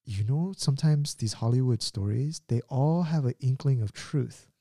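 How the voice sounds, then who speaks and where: A man in his thirties hosting a podcast and telling a story in an animated, casual way, laughing at himself. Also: medium pitch, unhurried, dry recording, studio quality. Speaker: podcast host.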